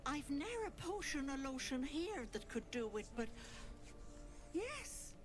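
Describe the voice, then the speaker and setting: A sly old hag playing a sweet granny, all folksy, fussing and old-fashioned in her speech. She drawls her words slowly while her pitch wanders freely up and down. Soft game music sits behind her. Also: very animated. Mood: concerned.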